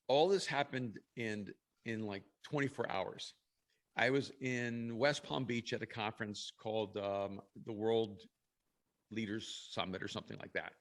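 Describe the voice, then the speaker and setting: A man's voice: fairly low pitch, fairly bright tone. A middle-aged man, a podcast guest, telling a long personal story in an interview, reflective and laughing now and then between phrases.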